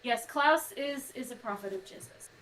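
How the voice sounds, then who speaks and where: High-voiced giggly woman on a livestream. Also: slight background noise. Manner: giggly, excitable, quick jokey asides. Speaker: podcast co-host on a charity stream. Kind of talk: casual livestream chat.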